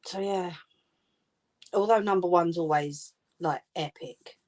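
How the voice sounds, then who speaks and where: A woman hosts a crafting livestream from home in a slightly low voice. She chats casually and informally with viewers and laughs often. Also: slow pace, a little mellow.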